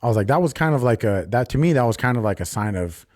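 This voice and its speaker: A man's voice: mid-range voice, lively intonation, fast, a little mellow, no echo, clean studio sound. A young man hosting a solo podcast, telling a personal story in a rambling, profane, confessional way. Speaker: podcast host. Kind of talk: casual solo podcast monologue.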